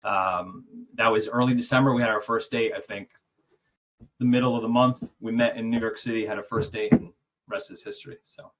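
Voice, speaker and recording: A man in his forties telling a story as a guest on a video-call interview, animated, acting out the dialogue with little chuckles. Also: mid-range voice, a little fast. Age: 40s. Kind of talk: casual storytelling.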